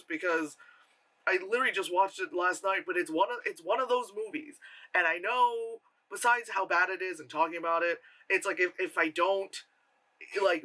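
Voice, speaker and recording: A man's voice: sits high, bright, forceful tone. A man giving a casual, rambling film review with sarcastic asides and lots of fillers. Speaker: movie reviewer.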